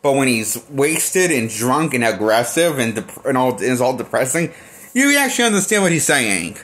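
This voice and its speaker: A man's voice: mid-range voice, sing-song, moderate pace, fairly bright tone. Blunt, rambling male movie critic. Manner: blunt, profane and rambling, with frequent restarts. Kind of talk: casual film review.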